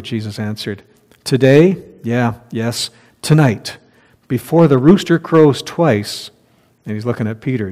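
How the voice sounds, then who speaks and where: A man's voice: medium pitch, darkish tone. A man preaching a conversational sermon as pastor, reading scripture aloud and laughing at his own slips. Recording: long hall reverb.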